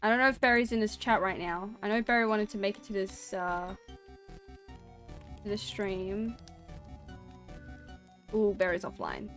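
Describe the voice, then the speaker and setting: A woman's voice: mid-range voice, fairly even intonation, unhurried, long pauses, fairly bright tone. Woman streamer reading a scary story off a desk mic, faint music behind. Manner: storytelling, then chatty and self-conscious. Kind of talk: reading a spooky story aloud.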